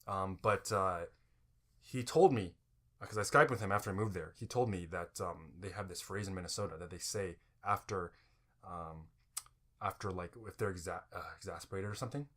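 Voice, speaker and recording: Podcast guy rambling on, low-ish bright voice, lots of "like". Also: moderate pace. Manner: rambling, full of fillers like "like" and "you know". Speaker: podcast co-host. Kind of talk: casual chat.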